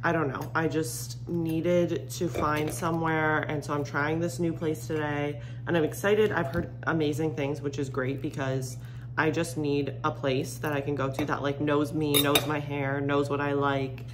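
Young woman rambling to her phone cam at home, kinda low groggy morning voice, says like a lot, little hum in the back. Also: little pitch movement, moderate pace. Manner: chatty, rambling, lots of "like" fillers. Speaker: vlogger. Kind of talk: casual vlog chat to camera. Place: home kitchen, coffee machine running.

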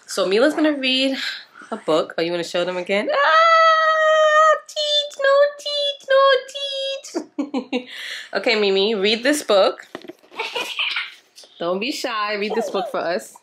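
A woman's voice: medium pitch, lively intonation, moderate pace, long pauses. A young woman vlogging at home, chatting casually with viewers and patiently coaching her child through reading. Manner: chatty, talks to viewers directly. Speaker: mom vlogger. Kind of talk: casual home vlog chat. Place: apartment home. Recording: noisy home recording with clicks.

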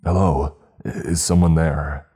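A man's voice: very deep voice, steady tone, unhurried, dark tone, breathy edge, heavily acted. A man voicing a falsely friendly stranger at the door in a horror story reading.

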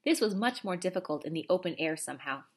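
A woman reading a children's novel aloud in a steady storytelling voice. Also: lowish voice, fast talker, slightly rough. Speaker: reader.

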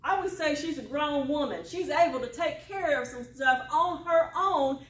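High-voiced woman preaching in echoey church. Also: moderate pace, few pauses, distant mic. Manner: preaching with emphatic rises and hushed quiet passages. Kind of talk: sermon. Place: church sanctuary.

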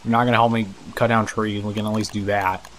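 A man's voice: on the low side, level tone, fast talker, a bit bright, a little hiss or hum. A man giving casual let's-play commentary, chatting to the characters on screen, laughing and swearing as he plays. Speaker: gameplay commentator.

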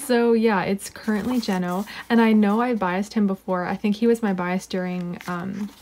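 A woman's voice: mid-range voice, normal speed. Woman chatting at her desk unboxing stuff, giggly and gushy, whispers sometimes, faint hiss behind. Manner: excitable, giggly, gushing, drops to whispers. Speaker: unboxing vlogger. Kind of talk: casual unboxing chat. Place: home desk.

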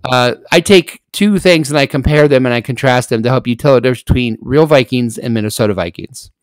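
A man's voice: medium pitch, brisk, clear, resonant tone, no room sound. A man hosting a casual sports podcast, joking around and hamming up bits. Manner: jokey, playful, hammy bits. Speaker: podcast host.

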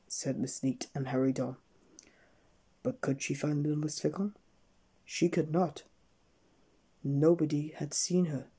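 A man gently reading a children's bedtime story aloud at an unhurried pace. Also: a little high, husky.

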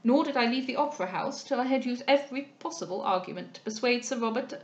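A woman voicing a courteous, formal gentleman from a period novel, measured and polite. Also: a little high, highs cut off, voice pushed up, natural voice. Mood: earnest. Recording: roomy echo.

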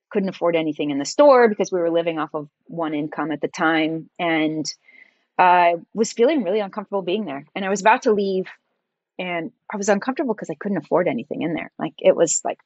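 A middle-aged woman, a podcast guest, telling her story in a lively conversational way. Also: on the low side, no echo, highs cut off. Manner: animated, acts out quoted dialogue in her stories. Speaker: podcast guest, entrepreneur and designer.

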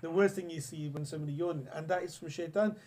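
A young man teaches a religious class in a loose, chatty way, often restarting his sentences and telling stories. His voice sits a little higher than most men's. He mixes in recited Arabic lines. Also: quick pace, a little mellow. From England. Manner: storytelling, chatty, many restarts, quotes Arabic. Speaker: Islamic teacher. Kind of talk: classroom lesson on hadith.

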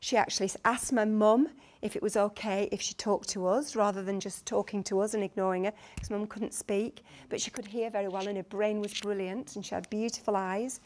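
Giving her conference talk, a middle-aged Lancashire woman who works as a consultant midwife shares lively, earnest stories, restarting often. Her voice is mid-range, and she talks a little fast with hardly any pauses.

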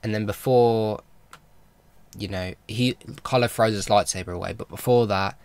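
A man talks through a film recap in a casual vlog, rambling along with plenty of ums and restarts. His voice sits a little low, and he sounds like an eager fan. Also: steady tone, moderate pace, smooth, no room sound. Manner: rambling, with many fillers and restarts; enthusiastic fan talk. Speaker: vlogger.

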